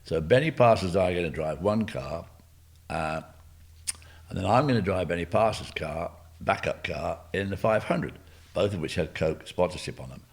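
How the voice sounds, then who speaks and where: Deep-voiced older Englishman telling stories. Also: expressive, moderate pace, vocal fry. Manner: rambling, humorous storyteller with asides and coughs. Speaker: guest. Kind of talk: anecdotal storytelling.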